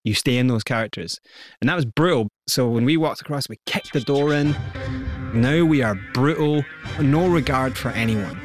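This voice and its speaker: A Scottish man, a guest in an interview, telling his story in a lively way and acting out quoted lines. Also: mid-range voice, normal speed, over music. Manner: lively, animated storyteller who acts out quotes.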